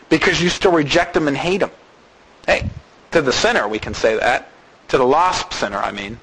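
A man preaching a sermon in an animated way, acting out the voices of the people he talks about. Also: sits high, moderate pace, slightly rough, poor audio.

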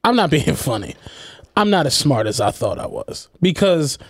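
A man in casual podcast chat, telling profane, animated anecdotes and laughing along. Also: on the high side, normal speed, slightly rough.

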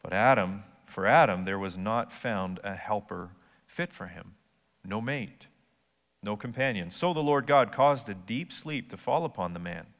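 Male pastor, bright forceful voice, sermon, long hall reverb. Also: lowish voice, measured pace. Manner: conversational, rising to emphatic preaching.

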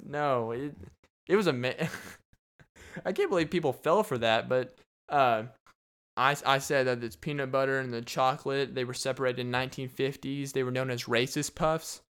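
A man's voice: mid-range voice, moderate pace, a bit bright, clear, resonant tone. Laughing, rambling young man. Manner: rambling and joking, laughs often. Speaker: podcast host. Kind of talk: casual solo podcast monologue.

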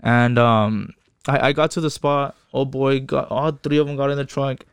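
A man's voice: mid-range voice, steady tone, moderate pace, vocal fry, clean tone, no room sound, clean studio sound. A young man telling his own story in casual talk, profane and rambling, acting out what others said. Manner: profane, quotes people in voices, rambling restarts.

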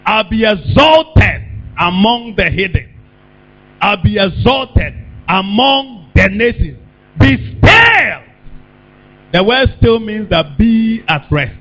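A man preaching a sermon, calling out questions for the congregation to answer and breaking into sudden shouts. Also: high voice, expressive, slow pace. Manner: call-and-response preaching, bursts of shouting. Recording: dull lo-fi with mains hum.

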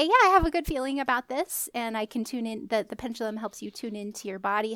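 A woman co-hosting a podcast, explaining ideas thoughtfully step by step, often trailing off softly. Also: fairly high pitch, dry recording, studio quality. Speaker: podcast co-host. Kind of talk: casual spiritual chat.

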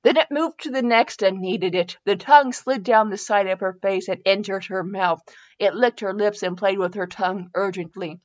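A woman's voice: mid-range voice, dull audio. A woman podcast host reading fan fiction aloud for comedy, breaking off into giggles and self-mocking asides.

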